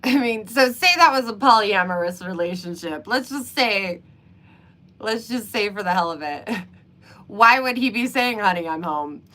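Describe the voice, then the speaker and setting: This livestream host speaks at a moderate pace in a slightly high, pushed and bright voice. She's chatty in her casual stream, working through her views with plenty of fillers and frequent laughter.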